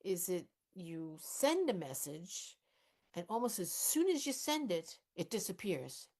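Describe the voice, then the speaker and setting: A woman's voice: on the low side, very animated, unhurried, a little mellow. A woman performing live improv, playing a cautious older activist who muses hesitantly and pokes wry holes in the plans. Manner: dry, hesitant, mildly skeptical.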